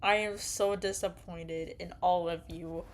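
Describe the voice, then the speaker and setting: A young woman reading an interactive story game aloud and reacting to it excitably, often yelling and laughing. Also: lowish voice, a little slow. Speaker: game streamer.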